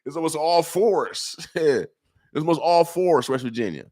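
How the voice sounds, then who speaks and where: A man from Nebraska hosting a morning radio show, talking in an animated way that repeats itself and exhorts like a preacher. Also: a little high, normal speed. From Nebraska, USA. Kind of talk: casual radio talk. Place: radio studio.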